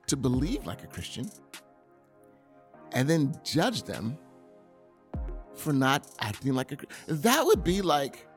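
Animated conversational male preacher. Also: on the high side. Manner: animated, conversational, folksy examples. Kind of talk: sermon.

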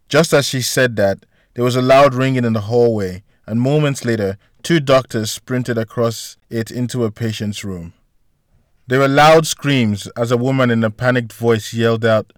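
A man narrating a story in an even, deliberate read-aloud manner. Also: medium pitch, dry recording, studio quality. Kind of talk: storybook reading.

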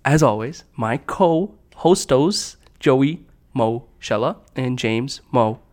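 A young man hosting a casual podcast, upbeat and quick to laugh, easily flustered by his co-hosts. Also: mid-range voice, expressive, a little mellow. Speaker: podcast host.

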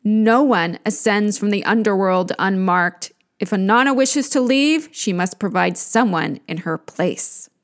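A grave, lowered decree from the stern judges of the underworld, as a woman storyteller voices them. The words come slowly and firmly with no softness. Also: natural voice.

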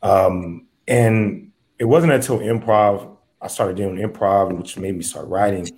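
A man from the United States talks comedy in a rambling, reflective way, leaning on fillers. His voice sits on the low side for a man. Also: a little slow, a little mellow. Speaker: host, comedian. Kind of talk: casual podcast chat.

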